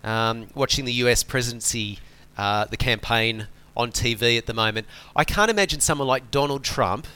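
A man preaching a conversational sermon, relaxed and chatty, often asking his listeners rhetorical questions. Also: mid-range voice, normal speed, clear, resonant tone.

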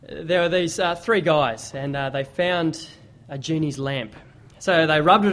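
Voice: medium pitch, unhurried, fairly bright tone. A speaker at a church talk, casually telling a rambling joke full of fillers.

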